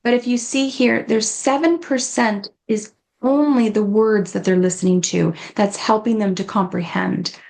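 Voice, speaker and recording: A woman's voice: mid-range voice, fairly even intonation, unhurried, vocal fry, few pauses, darkish tone. A woman giving an informal, earnest talk on dementia care, often acting out quoted dialogue.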